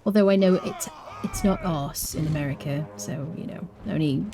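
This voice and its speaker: An English woman streaming a game, chatting casually and playfully with her viewers and often dropping into quiet asides. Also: low-pitched, moderate pace, noisy background. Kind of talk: casual live-stream chat while gaming.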